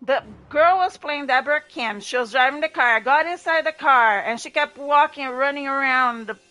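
A woman streaming a horror game live, yelling and swearing at her teammates and chatting with viewers. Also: sits high, normal speed. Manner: excitable, swears and yells at other players; talks to chat between rounds. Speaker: gaming livestreamer. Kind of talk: live gameplay commentary.

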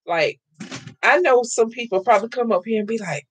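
A woman hosting a live crafting stream from home, loud and excitable, chatting with viewers and laughing often. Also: fairly high pitch, moderate pace, breathy edge, dry recording. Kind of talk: casual live-stream chat, reading viewer comments.

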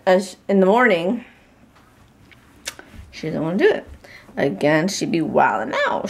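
A young pregnant woman chatting casually in a vlog, dropping Spanish words into her English talk. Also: mid-range voice. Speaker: vlogger.

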